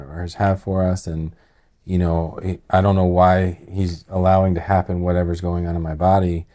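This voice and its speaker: A man on a podcast, telling a personal story in a casual, animated way that sometimes drops low and quiet. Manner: animated, laughing retelling that drops to quiet, heavy tones.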